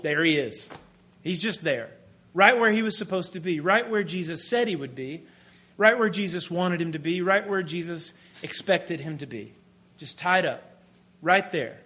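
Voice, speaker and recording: A man's voice: high voice, fairly bright tone. A man in his thirties giving a conversational, self-deprecating sermon built on a family story. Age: 30s. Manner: conversational and self-deprecating, many restarts and asides. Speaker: pastor.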